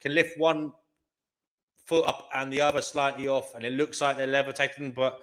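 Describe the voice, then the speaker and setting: A man's voice: medium pitch, little pitch movement, normal speed, a bit bright. A man on a discussion panel, talking casually with some swearing and reacting with disbelief. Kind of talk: casual chat.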